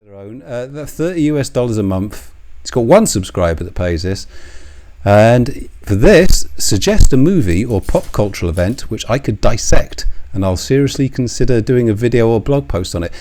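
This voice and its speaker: A man's voice: medium pitch, lively intonation, moderate pace, warm tone. A man delivering a sarcastic, accusatory commentary monologue to the camera, swearing now and then.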